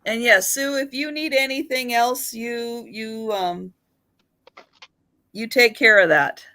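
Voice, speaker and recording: During her live-stream photo sale, a woman keeps up a chatty, giggly patter punctuated by laughs. Her pitch is fairly high, her tone sharp, and she takes things slowly.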